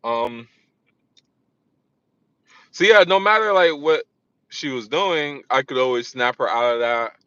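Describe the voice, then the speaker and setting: A man gives a loose, rambling vlog monologue, stumbling over restarts and repeating himself. His voice sits at a middle pitch with a bright, forceful edge. The recording is dry and slightly dull, like cheap lo-fi gear. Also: expressive, unhurried, long pauses, smooth, dry recording. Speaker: vlogger. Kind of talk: casual monologue.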